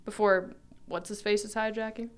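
A woman's voice: mid-range voice, little pitch movement, moderate pace, a crowd in the background. A young woman co-hosting a casual podcast, bantering playfully with slangy jokes. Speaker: podcast co-host. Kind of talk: casual chat.

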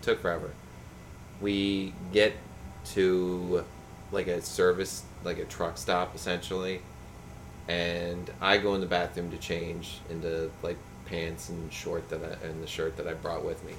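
A man chatting casually on a podcast, telling stories in an animated way and mimicking others. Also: deep voice, measured pace, a little hiss or hum. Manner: animated storytelling, mimics voices. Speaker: podcast co-host. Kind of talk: casual chat.

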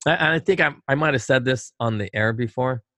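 A man's voice: mid-range voice, a little fast, a bit bright, no room sound. Middle-aged man, talk co-host, emphatic and rhetorical, dry close sound. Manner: emphatic, rhetorical, repeats himself. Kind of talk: casual political talk.

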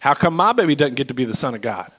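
A woman's voice: very deep voice, big pitch swings, quick pace, voice pushed down, exaggerated voice. A male preacher voicing an older pregnant woman who complains that she is left alone. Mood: complaining. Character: aging pregnant woman, resentful and self-pitying.

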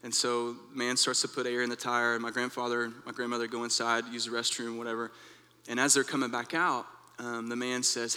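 A young man preaching in a relaxed, earnest way, telling a story like he's chatting with friends. His voice is bright and forward. The room around him rings with a long reverb. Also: mid-range voice, brisk, clean tone. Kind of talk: devotional talk with personal story.

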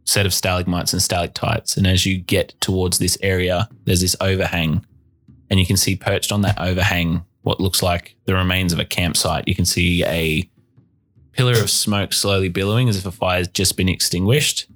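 A man's voice: low voice, fairly even intonation, normal speed, fairly bright tone. A man narrating as game master of a tabletop game, describing scenes steadily.

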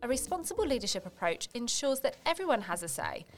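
A woman reads a scripted podcast narration in a higher voice with a lively, rising and falling melody. Soft music plays beneath her. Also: fast talker.

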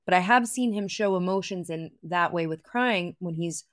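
A woman's voice: on the low side, normal speed, dry recording. Chatty woman full of "like"s, dry sound. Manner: chatty, heavy use of "like", circles back mid-thought. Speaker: podcast co-host. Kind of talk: casual reality-TV recap chat.

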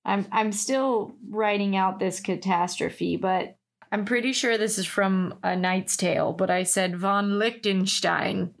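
A woman's voice: medium pitch, fairly even intonation, a little slow, gravelly, a little hiss or hum. A woman competing in a trivia game with friends, self-deprecating and giggly. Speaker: quiz contestant. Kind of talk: casual chat.

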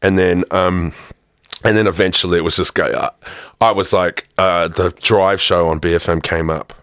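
A man with a low gravelly voice and a mixed accent with a soft American twang, telling stories in a rambling, casual way as a radio DJ guest. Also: steady tone, normal speed, no room sound, clean studio sound. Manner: rambling, full of restarts and "you know". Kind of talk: casual storytelling chat.

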